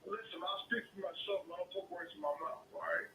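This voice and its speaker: Angry profane caller from the Pittsburgh area, bright voice, echoey line. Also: male voice, high-pitched, fairly even intonation, fast talker, creaky. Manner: profane, combative, repetitive. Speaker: caller, homeowner. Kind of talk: heated phone argument.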